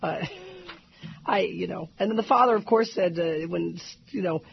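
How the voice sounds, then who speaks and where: A woman radio talk show host, hoarse from a cough, chatting and joking with frequent laughter. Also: on the low side, a little slow, slight background noise. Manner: laughs a lot, jokey, chatty. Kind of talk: casual comedic talk radio banter. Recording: dull radio broadcast audio.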